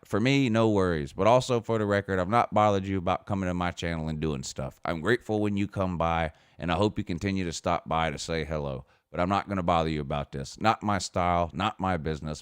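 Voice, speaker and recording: Man, very deep voice, dry close sound, mocking host reading comments, laughs a lot. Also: a little fast, few pauses, smooth, no echo. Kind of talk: casual chat.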